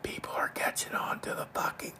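A man putting on a creepy old male politician's voice in a breathy whisper, as whispered role-play. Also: fairly quick, sharp tone.

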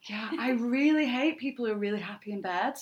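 A young woman hosting a frank, casual podcast chat, with dry, deadpan humour. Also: fairly high pitch, a little fast, lo-fi sound, slight background noise. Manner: frank, wry, deadpan jokes. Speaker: podcast host.

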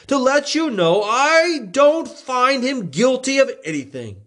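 A man's voice: very high-pitched, very animated, takes it slowly, a bit bright, pitched above the performer's own voice, full character voice. A man reading as an uneasy Roman governor. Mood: exasperated. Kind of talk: scripture reading.

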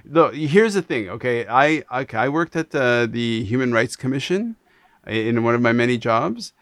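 A man from Canada hosting a casual interview, animated and talking in quick restarts and repeated words. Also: mid-range voice, no echo. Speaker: podcast host.

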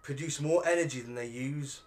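A man's voice: medium pitch, moderate pace. A man co-hosting a podcast, opinionated and eager to explain things. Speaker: podcast co-host. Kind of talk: casual chat.

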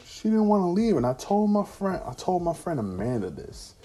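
A man's voice: sits high, big pitch swings, moderate pace, mellow. A man casually telling a personal anecdote in slangy, profane street talk. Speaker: storyteller.

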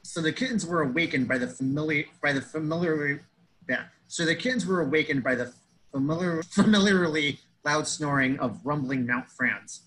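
A man's voice: on the high side, normal speed, a bit bright, slight background noise, poor audio. A man telling a comedic story in a pedantic, wordy way, fussing over grammar and metaphors.

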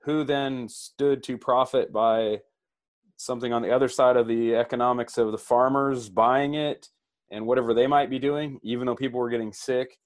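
A man's voice: mid-range voice, steady tone, fairly quick, no room sound. A man in a casual online discussion who rambles and stacks up repeated questions.

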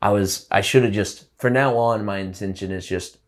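A man's voice: lowish voice, moderate pace. A man talking as a guest musician in a casual interview, loose and rambling with many restarts and fillers.

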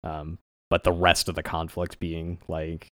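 A man's voice: deep voice, monotone, measured pace, a bit bright, dry recording, clean studio sound. A man co-hosting a podcast, chatting casually with wry asides and frequent laughs. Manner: wry, laughs between points. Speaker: podcast co-host. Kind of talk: casual chat.

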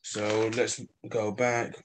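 A man's voice: fairly low pitch, little pitch movement, slow pace, a little hiss or hum. A man playing a tabletop game, hesitant and thinking aloud as he speaks. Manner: hesitant, full of ums. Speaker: player. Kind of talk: casual chat at a tabletop game.

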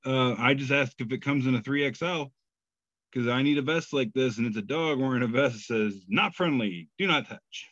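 A man's voice: medium pitch, fairly even intonation, a bit bright, no room sound. A man co-hosting a comedy podcast, reading out memes with self-deprecating jokes. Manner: jokey, self-deprecating, drawn-out pauses. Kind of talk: casual podcast banter. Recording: dull lo-fi podcast mic.

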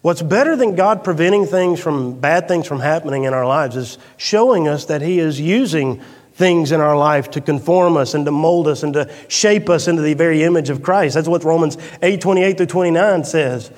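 A man preaching a sermon as pastor, swinging between loud emphatic peaks and hushed, quiet storytelling. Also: on the high side, normal speed. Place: church sanctuary. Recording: long reverb of a church hall.

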